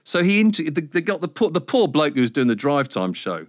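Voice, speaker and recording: A man's voice: on the high side, very animated, a little fast, no room sound, studio quality. A middle-aged man, telling a rambling, self-mocking story in a casual interview. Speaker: radio presenter guest.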